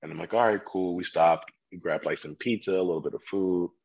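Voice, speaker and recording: A man with a somewhat low, husky voice chats easily as a sommelier guest. He tells lively stories and pops into customers' voices along the way. The sound is a little dull and lo-fi. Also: quick pace. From California. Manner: animated storyteller, acts out customers' voices. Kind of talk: casual chat.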